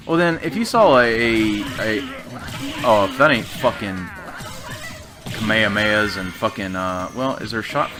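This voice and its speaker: A man's voice: medium pitch, expressive, moderate pace, long pauses, pushed and bright, soft background music. A man rambling through casual gameplay commentary, profane and full of fillers. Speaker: let's play gamer.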